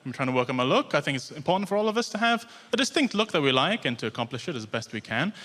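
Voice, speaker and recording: Male comic, 20s, deadpan and self-mocking, lively pitch, live theatre with reverb. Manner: deadpan and self-deprecating, with drawn-out punchlines. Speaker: stand-up comedian. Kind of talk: stand-up routine. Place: large theatre stage.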